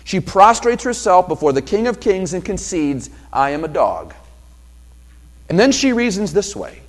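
A male pastor preaching a sermon, asking rhetorical questions and acting out quoted speech with sudden loud swells. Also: sits high, very animated, normal speed, big-room sound. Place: church sanctuary.

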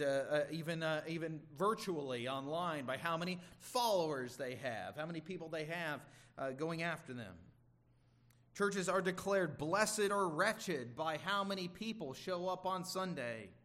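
A man's voice: fairly high pitch, fairly bright tone. A man preaching a sermon in an earnest, emphatic way, with the odd stumble and restart. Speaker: pastor.

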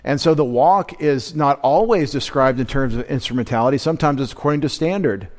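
A man's voice: mid-range voice, fairly quick. A man giving a midweek Bible teaching, explaining a verse with many fillers and restarts, stumbling over his Greek pronunciation. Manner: unpolished Greek pronunciation, self-deprecating asides. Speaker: pastor.

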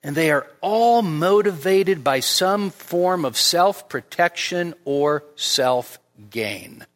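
A man preaching in a church sanctuary, with a high-pitched voice. He delivers an expository sermon with emphatic stresses. The long reverb of the hall trails each phrase. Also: expressive, takes it slowly, a bit bright. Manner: emphatic, rises sharply on quoted lines. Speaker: pastor.

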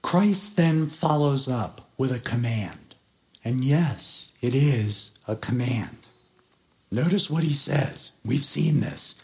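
Slow, gravelly-voiced preacher man. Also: mid-range voice, expressive. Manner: earnest teaching, stresses key words; explains and expounds on a scripture passage. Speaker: pastor. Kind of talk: sermon.

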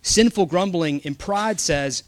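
Male preacher, earnest sermon delivery, voice a bit high, dry close sound. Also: unhurried, dry recording. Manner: earnest, emphatic, reads scripture aloud.

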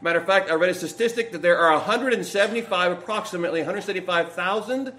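A man's voice: sits high, fast talker, pushed and bright. A man preaching a sermon, reading scripture aloud and putting earnest questions to the congregation. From United States.

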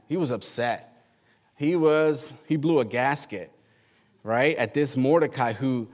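A male pastor preaching a sermon, reading scripture aloud and retelling the story in lively, colloquial asides. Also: medium pitch, a little slow, in a large hall. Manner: animated, colloquial Bible storytelling.

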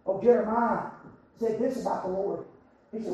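A man preaching a sermon, swinging between shouted cries and hushed, low passages. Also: steady tone, normal speed, long pauses. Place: church sanctuary. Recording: echoey church sound from far off, dull.

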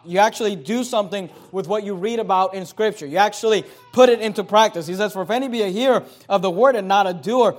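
A man with a high voice preaches a sermon to his congregation. He teaches verse by verse, explaining the text, then presses his points home with growing force. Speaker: pastor.

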